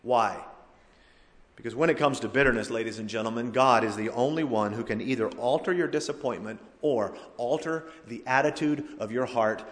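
A man preaches a sermon from the pulpit, his voice swelling into loud emphatic cries before dropping to quiet, low remarks. His voice sits at an ordinary male pitch. It rings out with the long reverb of a large church hall. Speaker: pastor.

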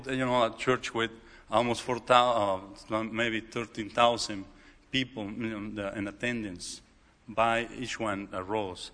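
A man with a Mexican accent, a native Spanish speaker, preaching a sermon in halting English, often repeating and restarting words. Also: fairly low pitch, a bit bright. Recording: long hall reverb.

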